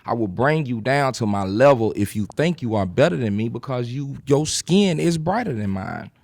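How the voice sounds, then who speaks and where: A man's voice: medium pitch, animated, normal speed, gravelly, darkish tone, no echo. A man speaking on a panel, emphatic and direct, repeating himself for force. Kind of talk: impassioned panel talk.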